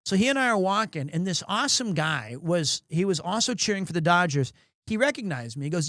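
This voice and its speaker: A man's voice: high voice, lively intonation, fairly quick, fairly bright tone, no echo, clean studio sound. A young man streaming live, telling a rambling story with lots of restarts and chatting with viewers. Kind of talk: casual livestream chat.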